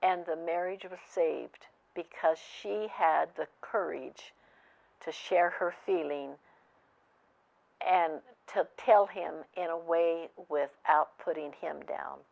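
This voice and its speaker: Slow gravelly older woman. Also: sits low, fairly even intonation, darkish tone, lo-fi sound. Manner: slow, earnest, retelling with quoted dialogue. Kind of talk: storytelling lesson.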